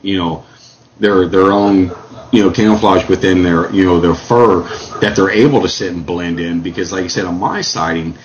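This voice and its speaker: A deep-voiced man talks in a loose, rambling way, full of fillers and restarts. The sound is dull and lo-fi, like an old radio show. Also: normal speed, a little hiss or hum. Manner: rambling, many fillers and restarts, folksy grammar. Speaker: guest describing a Sasquatch sighting. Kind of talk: casual call-in radio talk.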